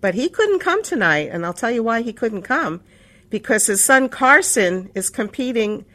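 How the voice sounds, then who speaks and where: A woman's voice: a little high, sing-song, normal speed, a bit bright. A woman hosting a call-in radio talk show. She chats casually, rambles and laughs often, and sounds a little winded and out of breath. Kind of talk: casual on-air chat.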